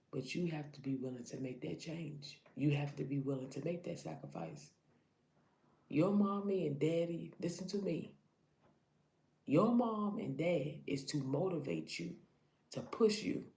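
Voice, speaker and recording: A woman's voice: sits low, unhurried, dark tone, reverberant. A woman in her thirties giving an earnest, preachy motivational talk to her followers, often repeating herself to drive points home. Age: 30s. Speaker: vlogger.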